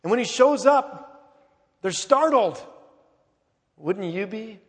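A man preaching a sermon as pastor, emphatic and swinging between loud calls and hushed passages. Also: high voice, animated, slow pace. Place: large church sanctuary. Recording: long reverb of a large church.

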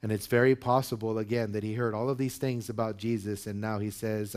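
Man preaching a sermon. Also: steady tone. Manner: builds from measured teaching to loud, high-pitched exhortation. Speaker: pastor. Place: church with a congregation.

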